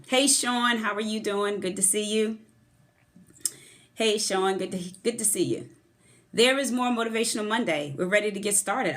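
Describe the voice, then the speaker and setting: Effusive woman hosting a livestream. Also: fairly low pitch. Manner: warm, effusive greetings to viewers by name. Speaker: host of a motivational livestream. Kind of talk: live-streamed motivational talk, greeting viewers. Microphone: phone camera.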